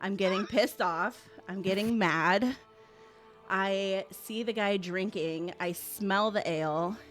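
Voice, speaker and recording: A woman's voice: medium pitch, slow, soft background music. A woman player describing her character bluntly, with laughter and swearing.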